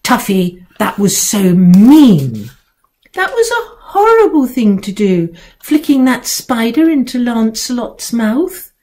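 A woman voicing excitable, gushing young girls in a storybook reading. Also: mid-range voice, takes it slowly. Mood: reproachful. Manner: squealing, gushing.

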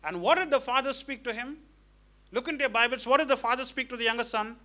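High, bright-voiced preaching man. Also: fast. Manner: emphatic preaching, quoting characters in dramatic voice. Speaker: pastor. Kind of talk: sermon. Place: church hall.

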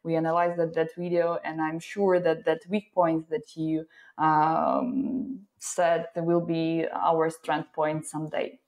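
A woman's voice: low-pitched, completely flat delivery, slow pace, a little mellow. A woman, a company representative answering interview questions in careful, hesitant English.

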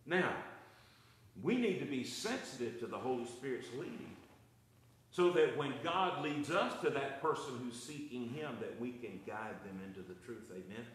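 A man's voice: mid-range voice, expressive, normal speed, heavy reverb, low-quality recording. A man preaching a Bible study sermon as pastor, his delivery rising and falling for emphasis. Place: church.

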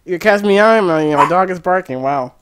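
A man chatting casually on a live game stream from home, animated and excitable, often laughing. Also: sits high, brisk, noisy background. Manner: animated, excitable, often laughing and breaking into movie-line impressions. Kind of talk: casual live-stream chat while playing.

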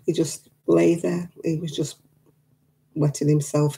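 Gravelly-voiced woman chatting to live viewers. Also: low voice, flat delivery, a little slow, dark tone, rough recording. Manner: chatty, reads and answers viewer comments; emotional about her late dog. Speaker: craft livestream host. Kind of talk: casual chat with live viewers.

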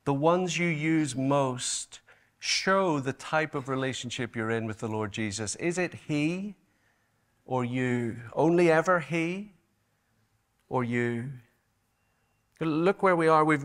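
Male preacher, sermon, fairly high voice, emphatic, repeats words for stress. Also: fairly bright tone. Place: conference hall.

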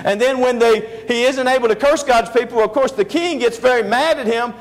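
A man delivers a sermon lecture, animated and storytelling, with humorous asides for the audience. His voice sits high for a man. A faint hiss lies beneath the speech. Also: fairly quick, few pauses, low-quality recording. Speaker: preacher.

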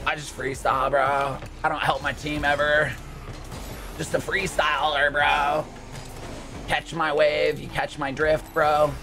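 A man's voice: fairly high pitch, level tone, measured pace, pushed and bright, soft background music. A man voicing a carefree young male freestyler bro with a lazy, drawling surfer-style way of talking. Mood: lazy boast.

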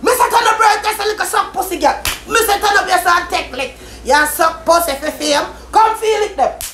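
A woman with a Jamaican Patois accent in a loud, cursing, taunting social media rant. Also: very high-pitched, fairly quick. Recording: echoey room with faint noise.

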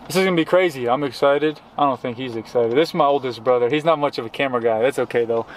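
A young man with a Southern American accent from Tennessee, talking excitedly to camera as a travel vlogger and calling his viewers y'all. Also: mid-range voice, quick pace. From Chattanooga, Tennessee, USA. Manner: upbeat, keeps addressing viewers as y'all. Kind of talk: excited casual vlog narration to camera. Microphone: handheld camera mic. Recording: noisy outdoor and travel background.

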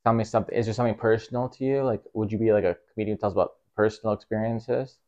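A man in his thirties, a comedian, teasing and deadpan in casual interview banter. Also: lowish voice, rapid-fire, dull audio. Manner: dry, teasing. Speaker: comedian guest.

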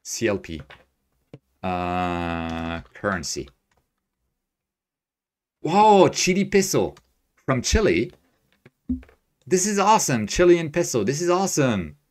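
Here a man with a medium-pitched voice moves slowly, swinging widely in pitch and pausing often. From a home desk in Tokyo he hosts a live astrophotography screen tutorial, thinking out loud and happily responding to viewer messages.

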